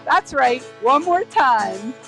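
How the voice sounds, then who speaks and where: A woman hosting a children's show, warm and encouraging as she cheers on the young viewers. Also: sits high, sing-song, slow pace, gravelly, soft background music. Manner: warm, encouraging, upbeat with kids. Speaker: children's entertainer host.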